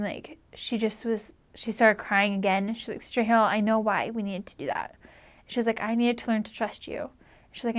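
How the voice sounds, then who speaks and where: Earnest young woman telling a story. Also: medium pitch. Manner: chatty, heavy use of "like", earnest. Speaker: returned missionary. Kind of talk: personal storytelling.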